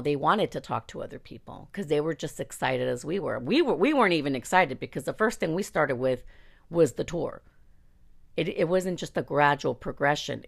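Woman, low gravelly voice, blunt and outspoken, candid storyteller, swears freely. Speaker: singer recounting her career.

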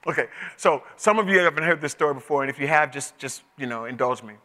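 High-voiced pastor preaching in an echoey hall. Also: male voice, a little fast. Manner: animated, conversational storytelling, rising to emotional shouts. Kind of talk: sermon. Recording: echoey hall with long reverb.

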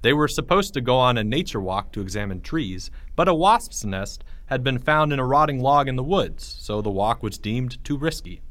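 A man's voice: mid-range voice, normal speed, few pauses, no room sound. A man reading his own children's story aloud and voicing each character in turn. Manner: expressive, plays each character. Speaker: author and audiobook reader. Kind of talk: scripted storybook narration.

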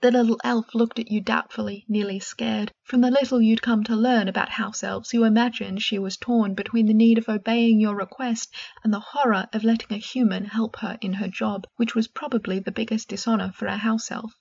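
A woman with a husky voice narrating a second-person fan-fiction story in a soft, gentle way. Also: on the high side, steady tone, moderate pace, few pauses, highs cut off.

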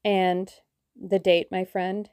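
A woman reading an audiobook, voicing a soft-spoken, sinister male conspiracy leader with sibilant speech. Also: fairly low pitch, flat delivery, slow, clean tone, no echo, studio quality. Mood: cold. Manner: quiet, menacing.

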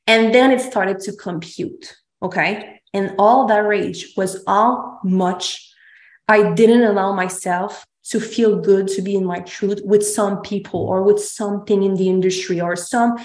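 A woman's voice: medium pitch, fairly even intonation, measured pace. A woman hosting a podcast, telling her story in a candid, emphatic way, swearing freely and acting out the things she said. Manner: emphatic, swears freely, acts out her own past lines. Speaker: podcast host. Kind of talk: candid confessional chat. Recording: roomy echo.

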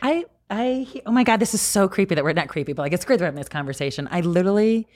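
A woman host in an emotional, casual heart-to-heart chat, animated and swearing freely. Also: medium pitch, racing. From New Jersey.

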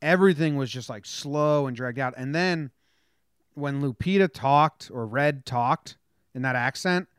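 A young man with a smooth, clear voice, bluntly picking a film apart in a casual chat. The sound is close and dry, with no room echo. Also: medium pitch, unhurried. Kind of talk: casual movie discussion.

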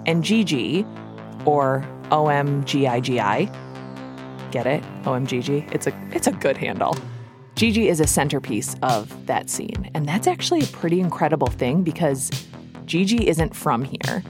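A woman with a Minnesota accent narrates a scripted podcast story, her voice sitting low. She tells it in a wry, playful way, and clear music runs under her words. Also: animated, normal speed.

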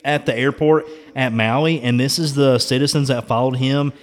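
A man's voice: mid-range voice, fairly even intonation, normal speed, in a large hall. A man hosting a casual podcast chat, ranting and swearing in outrage. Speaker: podcast host.

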